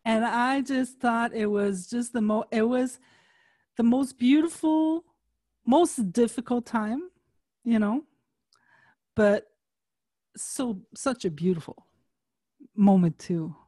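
A woman in casual conversation, telling a personal story in an animated way and acting out the voices of people she quotes. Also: a little high, slow, pauses often, no room sound, studio quality.

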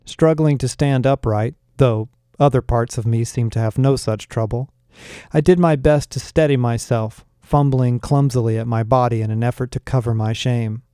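A man reading a first-person story aloud in a measured, wry storytelling manner. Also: mid-range voice, steady tone, mellow, clear, resonant tone, dry recording, clean studio sound. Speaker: narrator. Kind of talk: first-person audiobook narration.

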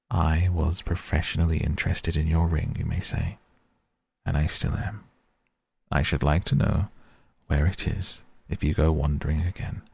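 A man voicing Gandalf, a grave, quiet old wizard. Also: very deep voice, vocal fry, slightly rough, no echo, full character voice. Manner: quiet, measured, thoughtful. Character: old male wizard, grave, watchful and patient.

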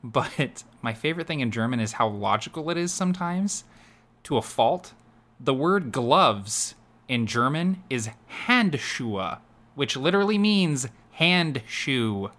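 Bright-voiced upbeat man. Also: medium pitch, big pitch swings, a little slow. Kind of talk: casual podcast chat.

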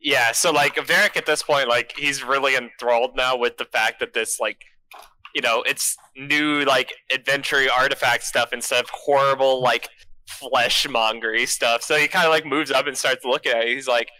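Bright-toned laid-back gamer guy. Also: mid-range voice, steady tone, normal speed, no room sound, low-quality recording. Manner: laughing, loose, filler-heavy. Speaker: player. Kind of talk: describing his character in a tabletop game.

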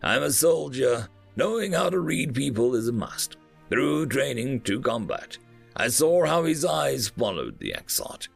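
A man's voice: mid-range voice, sing-song, measured pace, creaky, breathy edge, soft background music, voice pushed up, full character voice. A man voicing a shrewd male soldier who talks bluntly and matter-of-factly.

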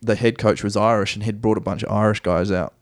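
A man's voice: fairly low pitch, steady tone, fast, no room sound, studio quality. A man with a New Zealand accent, a podcast guest telling rambling, self-correcting stories about his soccer career in a casual, easy way.

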